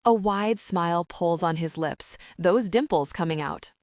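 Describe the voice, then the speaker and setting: A woman narrating a first-person romance audiobook in a measured, intimate, soft manner. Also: on the low side, dry recording, clean studio sound.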